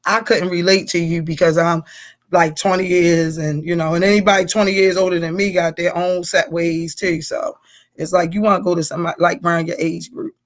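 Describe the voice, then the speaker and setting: A woman in her forties hosting a casual live-streamed chat, telling stories in an animated, chatty way. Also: on the low side, brisk. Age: 40s.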